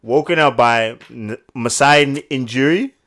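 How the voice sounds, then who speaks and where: A man's voice: mid-range voice, unhurried, fairly bright tone. A man co-hosting a podcast, joking with friends, laughing often and swearing. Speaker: podcast co-host. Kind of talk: casual chat among friends.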